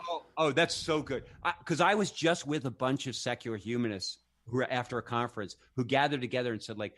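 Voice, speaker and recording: A man in casual conversation, telling animated stories, acting out the voices he quotes, and restarting his sentences often. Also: mid-range voice, brisk, few pauses, dry recording. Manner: animated storyteller who acts out quoted voices; frequent restarts and fillers.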